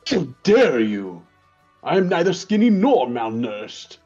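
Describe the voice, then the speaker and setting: A man's voice: on the high side, very animated, unhurried, a little mellow, husky, lo-fi sound, soft background music, heavily acted. A man voicing a pompous little squirrel nobleman who speaks formally and takes offense easily. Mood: indignant. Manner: haughty, indignant, formal.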